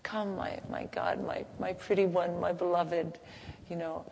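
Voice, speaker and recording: A woman voicing a simple male shepherd who speaks softly and adoringly to God, in a reverberant hall. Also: sits high, monotone, unhurried, vocal fry, voice pushed up. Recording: reverberant hall, faint background noise.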